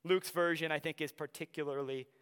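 A young man from Wisconsin with an Upper Midwest accent, preaching a sermon in a conversational way, often dropping soft for emphasis. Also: a little high, steady tone, fairly quick, clear, resonant tone. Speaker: pastor. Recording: long hall reverb.

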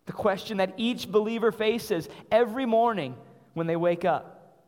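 A man's voice: sits high, normal speed, darkish tone. A man preaching a sermon in earnest, repeating phrases and asking rhetorical questions. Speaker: pastor. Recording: long hall reverb.

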